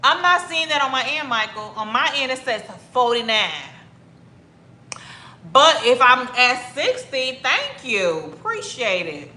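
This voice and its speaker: Chatting casually on her livestream, a Miami woman reads comments aloud, welcomes viewers by name, and stretches out her words. The room is echoey, and her high-sitting voice is pushed and bright, with big pitch swings at a measured pace.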